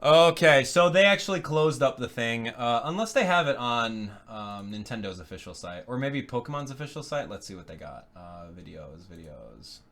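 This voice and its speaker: A man hosting a casual video game reaction, joking and laughing often, with quick rambling asides and quieter mumbling while he browses. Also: very animated. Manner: drops to low mumbling while clicking around. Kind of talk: casual live reaction commentary.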